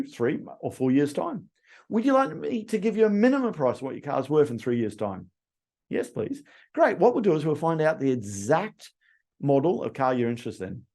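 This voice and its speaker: A male sales trainer giving a lively training talk, acting out bits of customer dialogue as he teaches. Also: fairly high pitch. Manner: animated, acts out customer dialogue.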